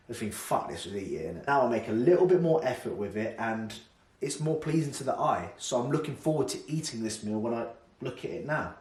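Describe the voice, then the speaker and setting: A man's voice: medium pitch, a little mellow. A British man chatting casually as he cooks for a fitness vlog, brash, swearing and boastful, recorded on a camera microphone. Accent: British English. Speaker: fitness vlogger. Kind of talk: casual cooking vlog chat. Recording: roomy room echo.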